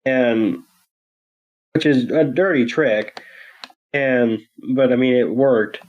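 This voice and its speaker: A man's voice: medium pitch, slow, lo-fi sound. Rambling man with crude humor. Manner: loose, rambling, many ums, crude humor. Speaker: podcast co-host. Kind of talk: casual episode recap.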